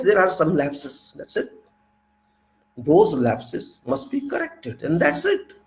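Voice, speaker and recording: A man's voice: on the high side, rough recording. A man with an Indian English accent, a civil engineer giving an informal lecture, emphatic and argumentative, firing off rhetorical questions.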